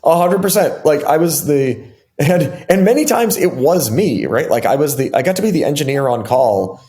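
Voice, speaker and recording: A middle-aged man, a software engineer guest in an interview, telling stories casually and animatedly with many fillers and restarts. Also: fairly high pitch, very animated, normal speed. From United States.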